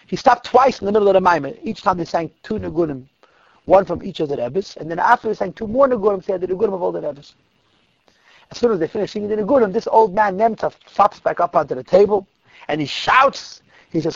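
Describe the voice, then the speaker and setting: A man telling a story to a group of girls, vivid and dramatic, dropping to a hush at tense moments, in a dull, dry recording. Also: high voice, lively intonation, fast talker, creaky, breathy edge, dry recording. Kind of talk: animated storytelling talk.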